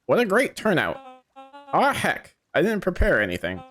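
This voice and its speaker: Man reads a folksy speechifying businessman, lively swooping delivery, soft game music underneath. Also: high-pitched, normal speed, voice pushed up, heavily acted. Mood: grandiose. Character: showy small-town businessman giving a festival speech.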